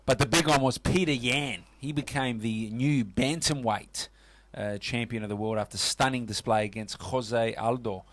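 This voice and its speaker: Chatty Aussie sports radio host. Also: male voice, mid-range voice, moderate pace, a little hiss or hum. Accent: Australian. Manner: chatty, lots of fillers and "mate". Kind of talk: casual sports chat on community radio.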